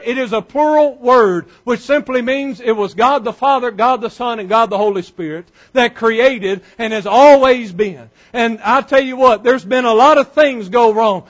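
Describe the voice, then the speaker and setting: A man preaching a sermon fervently, building up to shouts. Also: very high-pitched, lo-fi sound.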